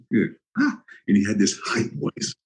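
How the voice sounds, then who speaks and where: Older male guest, low voice, chatty storyteller who laughs a lot and acts out moments. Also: huge pitch swings, takes it slowly, a little mellow, rough recording. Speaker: former pro football player, guest. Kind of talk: casual interview storytelling.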